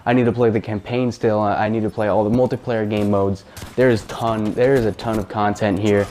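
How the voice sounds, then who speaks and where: A man's voice: fairly low pitch, steady tone, a little fast, darkish tone, slight background noise. A man hosting a casual spoken game review, talking in a chatty, rambling way with fillers and the odd swear word. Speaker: gaming channel host.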